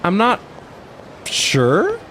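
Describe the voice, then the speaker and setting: A man's voice: high-pitched, huge pitch swings, extremely slow, a bit bright, a little hiss or hum. A man playing a video game, chatting casually and stumbling over his words as he reads the dialogue aloud. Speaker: let's play gamer. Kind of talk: casual gameplay commentary.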